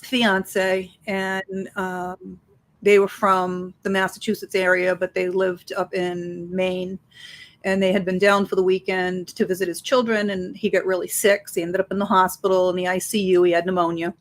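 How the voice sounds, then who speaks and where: A woman, a psychic medium, talking as an interview guest and telling stories with lively acted-out dialogue. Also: fairly low pitch, moderate pace. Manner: animated, acts out dialogue in her stories. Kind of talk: conversational interview storytelling.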